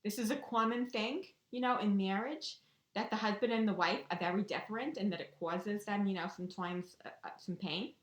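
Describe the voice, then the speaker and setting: A woman's voice: mid-range voice, a little fast, reverberant. A woman vlogger telling a personal story in a casual, chatty way, often checking in with the listener. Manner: chatty, keeps checking in with "right?" and "you know".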